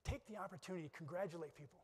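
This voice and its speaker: Fast-talking high-voiced man in a hall. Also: slightly rough. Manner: earnest storytelling with repeated restarts. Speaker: keynote speaker. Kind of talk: motivational speech with personal stories. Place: conference hall. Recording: long hall reverb.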